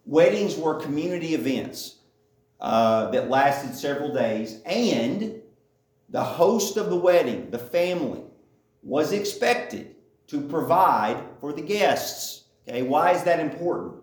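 A man's voice: fairly high pitch, expressive, measured pace. A man giving a conversational Bible teaching, often checking in with his listeners. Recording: echoey room.

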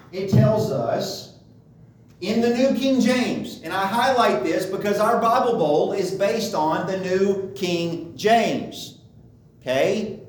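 A man preaching a sermon in a church, conversational and teaching, often pausing to ask "okay?". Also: high-pitched, darkish tone, slight background noise. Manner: conversational, often asks "okay?" to check understanding. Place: church sanctuary. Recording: echoey hall, far from the mic.

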